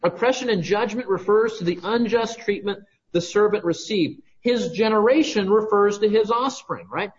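A male preacher with a high voice teaches through a scripture passage verse by verse, pausing often to ask "right?". The recording is dull and lo-fi. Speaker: pastor. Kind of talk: sermon.

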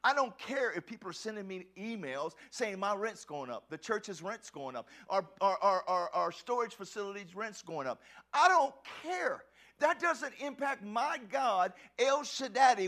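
A man preaching a passionate sermon as a pastor, often shouting and stumbling over restarts. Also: high voice.

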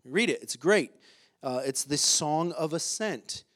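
Guy preaching a sermon, pretty high voice, gets fired up and emphatic, lots of uh's. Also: animated, measured pace, fairly bright tone. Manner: impassioned, rising to emphatic peaks, with frequent "uh" fillers. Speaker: pastor.

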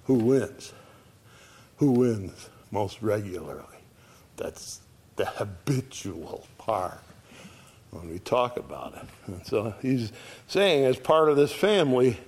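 A man's voice: mid-range voice, a little mellow. A man teaching an adult Bible study in a folksy, conversational way, often checking in with the class.

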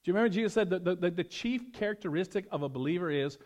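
A male pastor preaching a sermon, animated, swinging between loud emphasis and hushed, prayerful tones. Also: sits high, racing.

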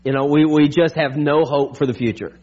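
A man with a notably high voice preaching a sermon to his congregation. He talks in an energetic, chatty way, throwing in jokes and quick "right?" checks. The recording sounds dull and lo-fi. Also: slightly rough. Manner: energetic and conversational, with frequent "right?" asides; playful humor and pop-culture jokes. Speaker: pastor.

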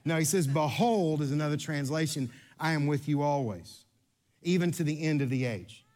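Male pastor, high-pitched tenor, playful and interactive sermon delivery in a church. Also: normal speed. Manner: lively, interactive, playful with congregation. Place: church sanctuary.

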